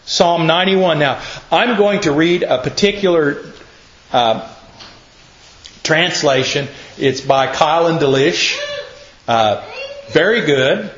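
Male preacher, fairly high voice, slow and deliberate, earnest teaching sermon, roomy muffled recording. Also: animated, fairly bright tone. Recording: echoey, muffled room recording.

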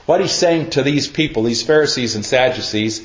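Man, folksy conversational Bible teacher, mid-pitched voice, roomy and slightly dull recording. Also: moderate pace, a little hiss or hum. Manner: folksy, repeats himself, acts out quotes. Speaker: preacher.

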